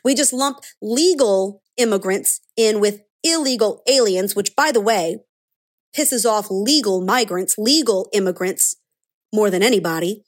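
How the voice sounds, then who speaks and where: A woman's voice: mid-range voice, unhurried. A woman delivering a sarcastic, indignant political opinion monologue as a commentator.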